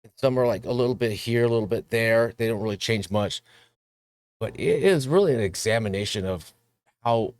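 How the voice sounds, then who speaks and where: A man's voice: fairly low pitch, no echo. A man hosting a casual movie review show, talking loosely with plenty of fillers and self-deprecating jokes. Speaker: host.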